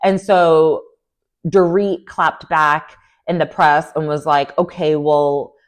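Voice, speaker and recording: A young woman with a sassy, animated manner, giving an opinionated recap of a reality TV show. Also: deep voice, takes it slowly. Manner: animated, sassy, lots of "like" and "girl". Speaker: recap vlogger.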